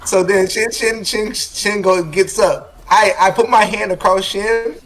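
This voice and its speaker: A man's voice: high-pitched, fairly even intonation, unhurried, a bit bright, soft background music. A man in a casual gaming chat, eagerly telling a funny story and repeating himself.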